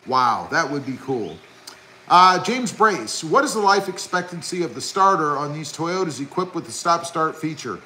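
A middle-aged man hosting a live stream, chatting with viewers and reading their comments aloud in an excitable, chatty way. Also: on the high side, moderate pace, slight background noise, poor audio. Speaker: YouTube car channel host.

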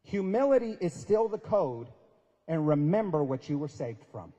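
A man gives an emphatic, sermon-style talk with folksy humor. His voice sits fairly high but sounds mellow and a little husky. A long hall reverb follows his words. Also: big pitch swings, normal speed. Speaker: guest speaker. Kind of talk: sermon-style speech at a prayer breakfast. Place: large event hall at a university.

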